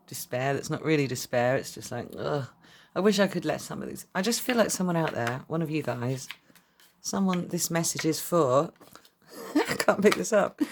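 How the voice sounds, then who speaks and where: Low-voiced chatty tarot reader woman. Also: a little mellow. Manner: chatty, rambling, blunt with swearing. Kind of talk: casual tarot reading to camera.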